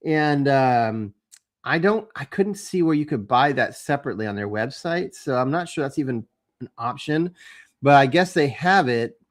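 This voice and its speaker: A man's voice: medium pitch, expressive, moderate pace. A man hosting a homebrewing channel, talking casually to the camera in a rambling way, with lots of fillers and restarts.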